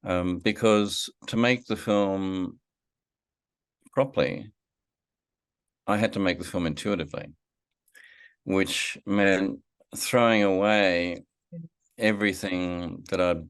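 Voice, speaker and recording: A man's voice: deep voice, steady tone, slow, long pauses, smooth, dry recording. A middle-aged man, a filmmaker guest in a podcast interview, telling a story reflectively with many fillers and restarts. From Australia.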